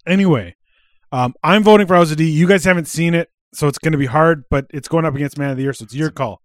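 A man's voice: a little high, quick pace, no room sound, studio quality. A man hosting a casual podcast chat, laughing often and swearing freely. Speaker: podcast host.

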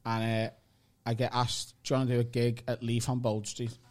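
A man, a guest comedian telling a comic story in an animated way, often asking "right?" and acting out what people said. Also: mid-range voice, normal speed. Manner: animated, keeps asking "right?", acts out quotes.

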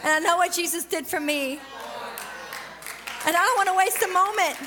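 Woman preacher, middle-aged, high bright voice, lively testimony style, long church reverb. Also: crowd noise, noisy background. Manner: animated storytelling, quick bursts and drawn-out emphasis. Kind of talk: sermon with personal testimony.

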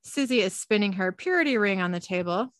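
A woman's voice: mid-range voice, lively intonation, brisk, fairly bright tone, no room sound. A woman host animatedly recapping a TV episode in casual narration, laughing often.

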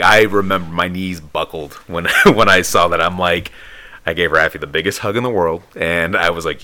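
A man casually telling a long personal story on a podcast, acting out the people he quotes. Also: moderate pace. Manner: animated storyteller, acts out quotes in a high voice.

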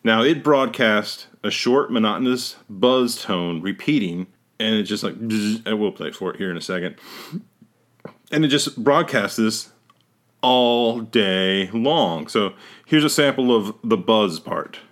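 A man's voice: fairly low pitch, lively intonation, measured pace, fairly bright tone. A man hosting a podcast in casual chat, rambling and often correcting himself mid-sentence. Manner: rambling, self-correcting, trails off. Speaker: podcast host.

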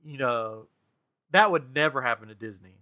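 In a mid-range voice at normal speed, a male podcast co-host shares a frustrating story in casual conversation. He sounds animated and exasperated, reenacting the exchange through plenty of quoted lines.

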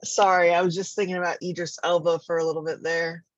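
A woman's voice: lowish voice, flat delivery, quick pace, crowd noise. A woman hosting a podcast, asking playful, teasing questions in casual chat. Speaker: podcast host. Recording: dull, dry lo-fi sound.

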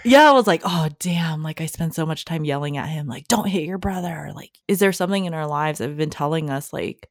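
A woman with a very low voice co-hosts a podcast in casual chat. She sounds thoughtful and searching and fills gaps with restarts. The recording is dry and close. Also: brisk, hardly any pauses, no room sound. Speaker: podcast co-host.

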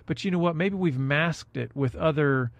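A man's voice: on the high side, moderate pace, no room sound. A man co-hosting a faith-based discussion, thoughtfully posing long, searching questions. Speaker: co-host.

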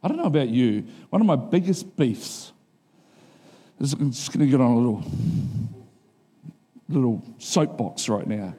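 A man's voice: normal speed, pauses often, breathy edge. A middle-aged male pastor preaching a sermon in a casual, conversational way, often asking the congregation if they are following him. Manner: acts out quotes in a higher animated voice.

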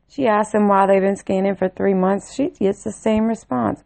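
A woman's voice: mid-range voice, moderate pace, vocal fry, hardly any pauses, darkish tone. A woman ranting in fury, cursing heavily and hammering each point home. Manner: furious, heavily profane, emphatic. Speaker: vlogger. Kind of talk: angry ranting monologue.

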